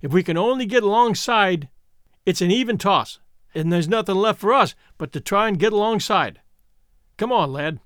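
A man voicing a cool, determined male fish patrol officer who gives quiet commands. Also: high voice, expressive, moderate pace, no room sound, clean studio sound.

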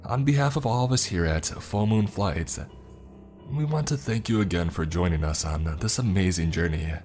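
Man voicing a chipper stewardess, sing-song, deep-set voice, faint music behind, storybook reading. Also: lively intonation, moderate pace. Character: overly chipper female flight attendant.

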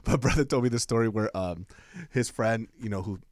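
A man co-hosting a podcast in casual chat, who swears a lot and gets loud at the punchlines. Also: lowish voice, fairly quick, no room sound, studio quality. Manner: excitable, swearing, shouting in punchlines. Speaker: podcast co-host.

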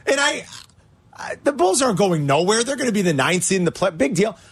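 A man hosting a sports talk radio show, an animated fan who rants about his teams. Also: high-pitched, fairly quick, breathy edge, dry recording.

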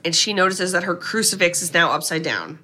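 A woman with a bright, clear voice retells a horror film for her co-host. She talks in an animated, sarcastic way, swearing now and then in casual podcast chat. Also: on the low side, a little fast. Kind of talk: casual movie recap chat.

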